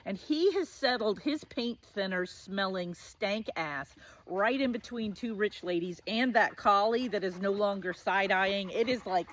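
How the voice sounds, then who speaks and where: A woman's voice: mid-range voice, measured pace, a bit bright, a little hiss or hum. A woman in her forties telling a personal story in a vivid, self-mocking, conversational way, full of "like" asides. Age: 40s.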